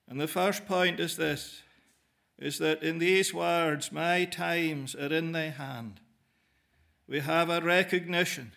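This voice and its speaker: Man, preacher, sermon, gravelly fry, slightly high voice, measured phrasing, pauses, addresses listeners directly. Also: fairly bright tone.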